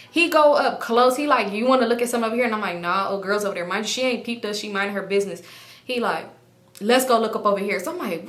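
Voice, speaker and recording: A young woman telling a casual, animated story and acting out what other people said, swearing freely. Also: mid-range voice, echoey room. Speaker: storytime vlogger.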